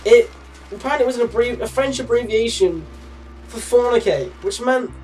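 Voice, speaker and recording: A man's voice: extremely high pitch, a little fast, darkish tone, far from the mic, faint music behind. A young man with a put-on Australian accent, giving chatty, rambling gameplay commentary and swearing casually. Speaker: gaming YouTuber.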